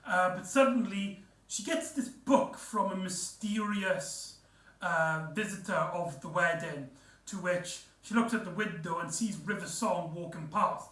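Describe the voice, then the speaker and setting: A man's voice: high voice, measured pace, sharp tone. A man recapping an episode in a casual, rambling way, full of fillers and restarts. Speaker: reviewer. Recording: echoey room, off-mic.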